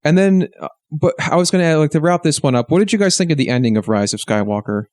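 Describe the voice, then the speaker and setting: A man's voice: a little high, animated, quick pace, a little mellow, no echo, clean studio sound. A man co-hosting a podcast, upbeat and profane, steering the casual chat. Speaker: podcast co-host.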